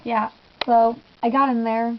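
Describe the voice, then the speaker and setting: A woman's voice: fairly high pitch, level tone, a little slow, highs cut off, slight background noise. A young woman telling a giggly, gushing story in a casual vlog, often acting out what she said. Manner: gushing, giggly, lots of "I was just like". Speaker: fan vlogger.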